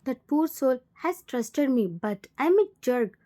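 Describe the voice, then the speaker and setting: Woman playing a remorseful man in his late forties, Indian English accent, warm tone. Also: high-pitched, expressive, takes it slowly. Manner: pleading, guilt-ridden.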